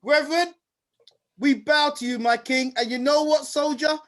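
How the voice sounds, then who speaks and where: High-pitched man, energetic host, playful shout-outs, video call. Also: normal speed. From United Kingdom. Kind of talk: lively online event hosting.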